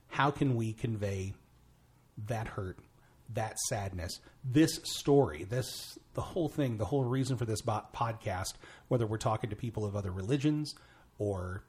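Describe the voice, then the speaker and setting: Male podcast host, husky voice, thoughtful questioner. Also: mid-range voice, darkish tone. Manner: thoughtful, searching phrasing. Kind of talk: interview questions.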